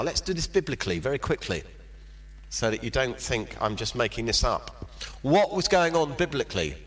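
A man in his sixties preaching a sermon with personal testimony, mixing self-deprecating asides with bursts of excitement. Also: mid-range voice. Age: 60s.

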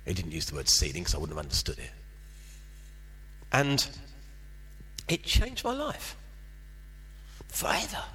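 Lively, animated older preacher. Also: male voice, measured pace, long pauses, breathy edge. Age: 60s. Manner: self-deprecating asides, leaps into high excitement. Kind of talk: sermon with personal testimony.

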